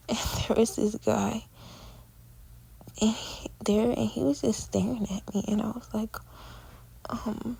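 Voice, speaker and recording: A woman's voice: fairly high pitch, fairly even intonation, a little slow, creaky, pauses often, warm tone, slightly rough, poor audio. An eighteen-year-old woman narrating a casual travel vlog in a chatty, slangy storytelling way. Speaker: vlogger.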